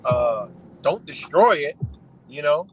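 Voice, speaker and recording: A man talks from inside his car in a loose, profane ramble, tossing "you know" into nearly every line. His pitch swings widely as he rants. Music plays clearly under his voice. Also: expressive, slow pace, low-quality recording. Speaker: live stream host. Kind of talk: casual rant.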